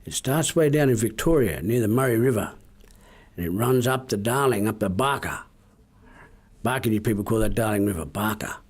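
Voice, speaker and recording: A man with an Australian accent telling a traditional story in a measured, repetitive cadence that often sinks to hushed tones. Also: lowish voice, lively intonation, slightly rough. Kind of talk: oral storytelling.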